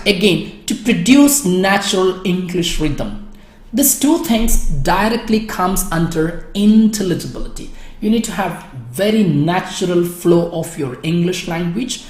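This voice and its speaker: A woman's voice: fairly low pitch, a little mellow, roomy sound. A woman teaching an exam speaking class, explaining step by step and addressing her students by name. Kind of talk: online class lecture.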